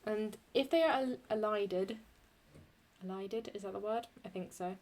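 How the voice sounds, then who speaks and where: A woman teaching Latin poetic meter in a chatty way, thinking aloud and correcting herself, and reading Latin lines slowly and deliberately. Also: medium pitch, darkish tone. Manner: slow, deliberate Latin recitation. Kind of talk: screen-recorded lesson.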